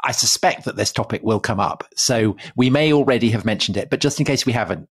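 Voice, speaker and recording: A man's voice: mid-range voice, fast, breathy edge. A man co-hosting a history podcast, jumping in with eager, enthusiastic remarks and quips. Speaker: podcast co-host. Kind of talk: casual history podcast chat.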